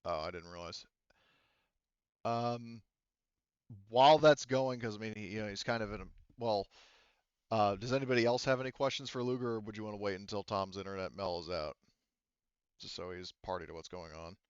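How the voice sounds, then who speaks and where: Running a tabletop game as game master, this man rambles through explanations with many fillers and restarts. He speaks at a fairly low pitch, briskly but pausing often, with a clear, resonant tone and no room sound, though the online call audio is dull and lo-fi.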